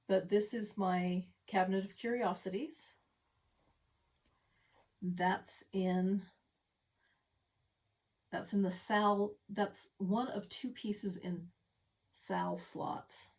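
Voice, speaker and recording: Woman, middle-aged, chatty vlog, rambling asides, home craft room, mid pitch. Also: a little mellow. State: a little out of breath. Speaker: stitching vlogger. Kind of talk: casual show-and-tell vlog.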